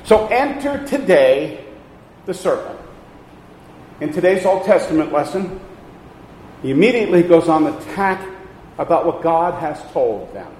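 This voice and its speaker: A man's voice: fairly high pitch, very animated, unhurried, pauses often, a little mellow, a little hiss or hum. A man preaching a sermon as a pastor, telling folksy stories with emphatic delivery. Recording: echoey hall with long reverb.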